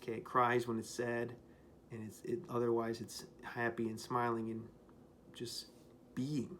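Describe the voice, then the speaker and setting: A man's voice: mid-range voice, monotone, measured pace, a bit bright, a little hiss or hum. A man giving a casual, rambling spoken rant to camera, profane and full of fillers. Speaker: vlogger.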